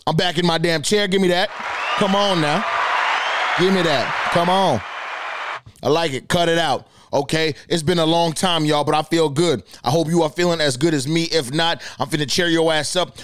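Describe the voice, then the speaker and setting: A man's voice: a little high, normal speed, fairly bright tone, dry recording. A young man from the Boston area hosting his own podcast in a casual solo monologue. He sounds hyped, swears freely, uses plenty of slang and talks straight to his listeners from his home studio. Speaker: podcast host. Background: faint hip hop music.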